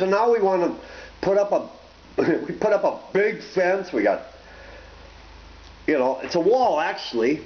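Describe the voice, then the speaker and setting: A man ranting casually to camera, blunt and profane, rambling from point to point. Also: high-pitched. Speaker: vlogger. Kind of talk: casual opinion rant to camera. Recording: roomy, dull lo-fi home recording.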